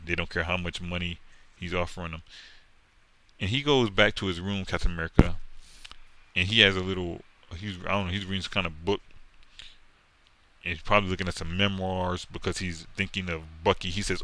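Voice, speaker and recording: A man ranting casually about comics in a profane, animated, mocking way. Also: deep voice, fairly quick, no echo. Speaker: comic book commentator. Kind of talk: casual rant.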